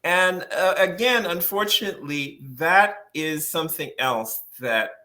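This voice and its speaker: This podcast guest, a male policy researcher, speaks in a high, bright, forceful voice at a slightly slow pace. His explanations run long, broken up by laughter and restarted phrases as he works things out.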